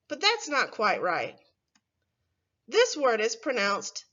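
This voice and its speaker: A woman teaching a first grade phonics lesson, speaking slowly and clearly and stretching words for young children. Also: fairly high pitch, big pitch swings, sharp tone, highs cut off.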